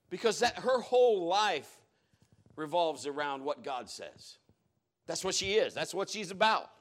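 A middle-aged man preaching a sermon as pastor, emphatic, swinging from loud declarations to hushed asides. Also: sits high.

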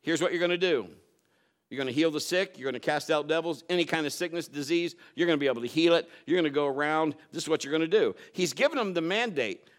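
A man preaching a sermon, telling stories and swinging between loud emphatic bursts and quiet low asides. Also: quick pace.

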